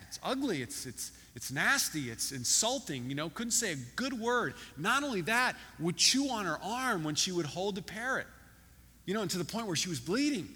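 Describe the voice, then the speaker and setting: A man's voice: high voice, bright, forceful tone, long reverb tail, a little hiss or hum. A man preaching a conversational sermon in a church, repeating words and using many fillers. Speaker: pastor. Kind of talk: sermon with a told joke. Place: church hall.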